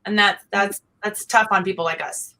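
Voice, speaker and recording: A woman's voice: mid-range voice, fairly even intonation, moderate pace, pushed and bright, poor audio. A middle-aged woman, chatting animatedly as a guest and laughing often. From Oklahoma. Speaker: guest singer-songwriter. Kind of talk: casual interview chat.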